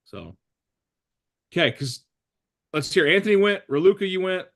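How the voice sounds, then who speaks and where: A man's voice: high voice, normal speed, creaky. A man hosting a casual group recap, joking and asking the group questions. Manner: lively, joking, asks lots of questions. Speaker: group discussion host.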